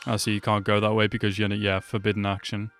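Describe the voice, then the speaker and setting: A man's voice: fairly low pitch, monotone, fast, fairly bright tone, soft background music. A man hosting an anime reaction video, talking casually and slangily, often calling the viewer "bro". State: hiccuping. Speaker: anime reaction channel host.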